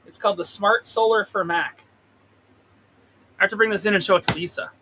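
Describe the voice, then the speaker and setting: A man's voice: high-pitched, steady tone, brisk, noisy background. A man hosting a casual live trading stream from a trailer, rambling and swearing as he talks to the chart. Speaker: livestream host trading stocks. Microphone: desk mic with pop filter.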